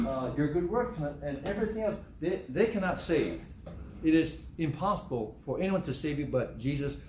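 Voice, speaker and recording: A man's voice: fairly high pitch, darkish tone, slight background noise. A male pastor preaching a sermon, repeating phrases for emphasis and acting out quoted voices. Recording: echoey room, faint ambience.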